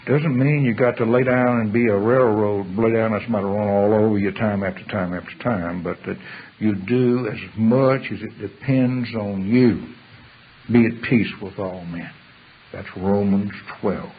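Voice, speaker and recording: A man's voice: lowish voice, moderate pace, husky. A man preaching a sermon, reading scripture aloud and breaking off into plain, conversational explanation. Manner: reads verses then explains them in plain conversational asides. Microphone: pulpit microphone. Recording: tinny phone-like sermon recording, faint hiss.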